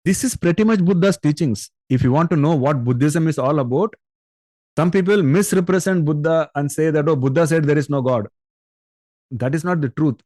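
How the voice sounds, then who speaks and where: A man teaches a spiritual lesson in a patient, explanatory way and often checks in with his listeners through rhetorical questions. His voice sits a little high for a man. The sound is dry and close, with no room echo. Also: a little fast, a little mellow. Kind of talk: spiritual discourse on scripture.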